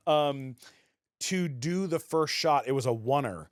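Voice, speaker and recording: Animated man telling stories. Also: on the high side, slow pace, no room sound, clean studio sound. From Canada. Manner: animated, acts out other people's voices in his stories. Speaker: guest, actor. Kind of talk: casual storytelling in a podcast interview.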